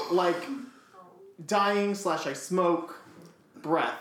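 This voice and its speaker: A man's voice: high-pitched, extremely slow. A man on a podcast telling a funny story in a casual way, laughing and acting out voices as he goes. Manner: animated, laughing, acts out voices in his stories. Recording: echoey room.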